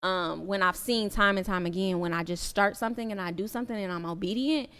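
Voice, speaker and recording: Smooth-voiced earnest woman guest. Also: medium pitch, quick pace, a bit bright. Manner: earnest, reflective, talks about faith. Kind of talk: casual chat.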